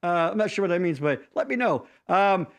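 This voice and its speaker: Guy hosting a podcast, highish voice, swears a lot, rambles and jokes around. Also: animated, brisk. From Pennsylvania, USA. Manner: profane, joking, rambling. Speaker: podcast host. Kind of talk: casual chat.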